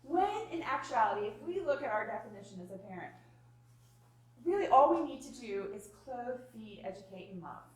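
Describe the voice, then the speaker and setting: A woman's voice: fairly high pitch, brisk. Echoey distant woman leading a workshop. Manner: animated, acts out parent and child lines. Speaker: parenting workshop presenter. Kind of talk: live workshop talk. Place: room with live audience. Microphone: distant room mic. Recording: echoey room from far off.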